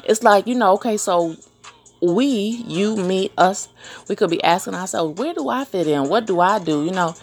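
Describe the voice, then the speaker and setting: A woman hosting a podcast, telling funny weekend stories in a casual, animated way and acting out the other people in them. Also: mid-range voice, normal speed, soft background music. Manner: animated storytelling, laughs often, acts out voices. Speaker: podcast host. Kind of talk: casual chat.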